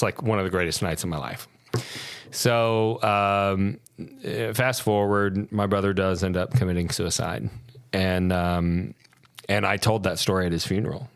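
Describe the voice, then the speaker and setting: Man, podcast guest, low voice, casual storytelling, uh-filled rambling, dry sound. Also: steady tone, moderate pace, dry recording. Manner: rambling anecdotes with many fillers and restarts.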